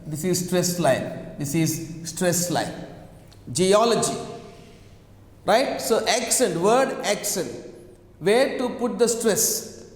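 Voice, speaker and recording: A male teacher giving a classroom lesson on word stress, slowly repeating example words aloud. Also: high-pitched, expressive. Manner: slow, repetitive, drills words aloud. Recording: echoey classroom with long reverb.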